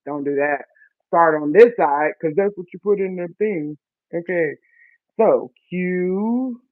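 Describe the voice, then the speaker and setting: A man's voice: high-pitched, no echo. A man chatting casually while he sets up seeds for his first garden. He jokes about himself and stumbles as he reads planting instructions aloud. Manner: chatty, self-mocking, reads labels aloud haltingly. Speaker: vlogger. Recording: dry, tinny phone-like sound.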